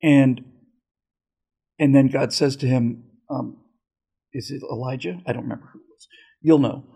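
Male host, gravelly and a little husky, casual and halting delivery. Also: medium pitch, steady tone, dark tone. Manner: hesitant, searching for words. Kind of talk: casual chat.

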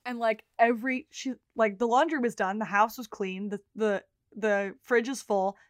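A woman with a fairly high voice and mostly even intonation talks at a normal speed in a dry, clean studio recording. She co-hosts a podcast, casually recapping TV scenes, quoting and acting out the characters' lines, and swearing now and then.

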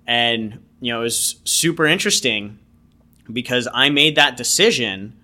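Bright-voiced man telling a story. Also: medium pitch, moderate pace. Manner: rambling, heavy on "like" and "you know". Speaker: podcast guest. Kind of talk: casual storytelling.

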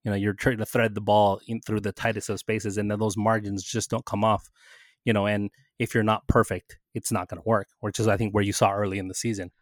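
A man explaining a point in casual podcast talk, steady and explanatory. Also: on the low side, fairly quick, no room sound, studio quality.

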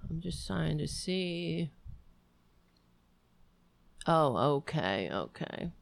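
A woman giving casual political commentary, sarcastic and mocking, now and then putting on high voices to mimic others. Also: very animated, very slow, gravelly, no echo.

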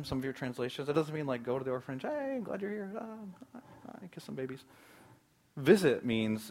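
A man preaching a sermon, emphatic, swinging between loud declarations and quiet, hushed asides. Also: mid-range voice, slightly rough. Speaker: pastor.

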